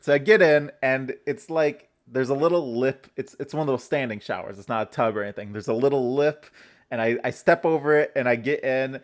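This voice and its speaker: Raspy-voiced man, hoarse from fasting. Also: medium pitch. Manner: animated storyteller, laughs mid-sentence. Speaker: podcast co-host. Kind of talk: casual chat.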